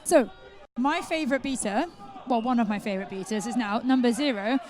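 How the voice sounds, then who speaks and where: A woman's voice: on the high side, fairly quick, a little mellow, some chatter behind. A woman co-commentating a live match outdoors with giggly, playful banter.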